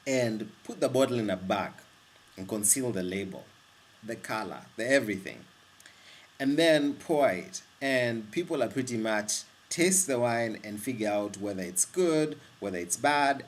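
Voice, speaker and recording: A man from Kenya talking about wine in a casual monologue, rambling and animated, often restarting his sentences. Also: medium pitch. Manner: rambling, with frequent restarts and self-corrections; animated and excitable. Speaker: wine vlogger.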